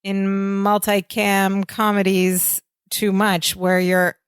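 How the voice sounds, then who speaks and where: A woman's voice: mid-range voice, level tone, takes it slowly, clean tone, no echo, clean studio sound. A woman co-hosting a sitcom rewatch podcast, talking through scenes in an analytical, chatty way. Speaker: podcast co-host. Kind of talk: casual podcast recap chat.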